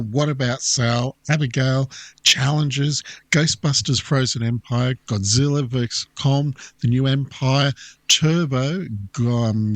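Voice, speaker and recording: A man with an Australian accent, co-hosting a film podcast in a relaxed, casual chat. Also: mid-range voice, no room sound. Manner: relaxed, reads lists off plainly. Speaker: podcast co-host.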